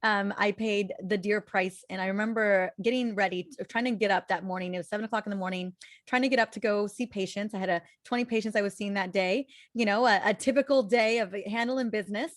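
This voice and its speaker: A woman in her forties, a health practitioner guest, telling her story candidly with lively restarts. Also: medium pitch, quick pace, dry recording. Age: 40s. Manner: candid and animated, often restarts with repeated words. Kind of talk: conversational interview storytelling.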